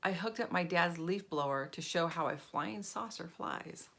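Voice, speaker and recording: Eager little schoolgirl read by a woman, light storybook voice, lowish. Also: moderate pace, gravelly, background noise.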